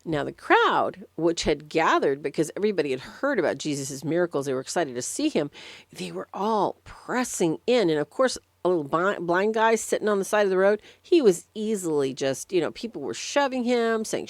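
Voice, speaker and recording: A woman giving a Sunday meditation talk as a lay Franciscan, telling a gospel story with lively emphasis. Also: mid-range voice, moderate pace, no echo. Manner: animated storytelling with sudden emphasis.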